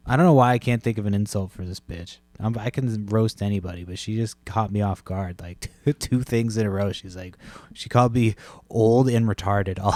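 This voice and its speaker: Podcast host with a chest cold, a low-pitched man in his thirties telling a rambling, cursing story, dry close mic. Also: normal speed, darkish tone, no echo. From Massachusetts, USA. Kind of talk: casual rambling monologue.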